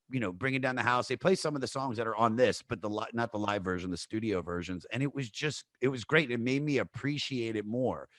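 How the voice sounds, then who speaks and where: A man in his thirties hosting a podcast, telling a crude, animated story full of fillers. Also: fairly low pitch, dry recording, studio quality. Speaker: podcast host. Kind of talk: casual storytelling chat.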